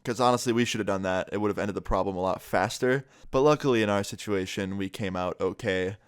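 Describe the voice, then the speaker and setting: A man's voice: fairly low pitch, fast, clean tone, no room sound, clean studio sound. A young man telling a story to his vlog audience in a casual way, acting out the lines of the people in it. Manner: animated retelling, acting out quotes.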